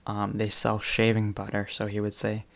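A man's voice: on the low side, monotone, moderate pace, vocal fry, a bit bright. A man casually retelling funny stories in a spoken presentation, with fillers and occasional chuckles. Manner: chatty retelling with fillers, chuckles between phrases.

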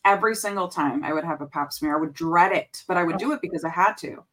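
A woman speaks as a guest in a relaxed podcast conversation. Her voice sits a little low, and she tells her story earnestly, often restarting sentences and repeating words as she goes. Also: fast, rough recording. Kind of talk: casual interview conversation.

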